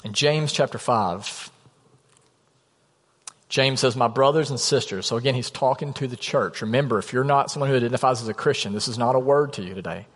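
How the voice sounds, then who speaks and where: A pastor with a medium-pitched voice preaches briskly in a church sanctuary, the recording full of long hall reverb. His sermon is conversational, with quotes he acts out.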